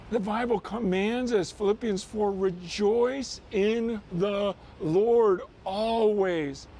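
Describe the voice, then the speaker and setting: Earnest high-voiced man pastor. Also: a little mellow. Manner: earnest, conversational, frequent "you know" and "man". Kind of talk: casual video message to a church.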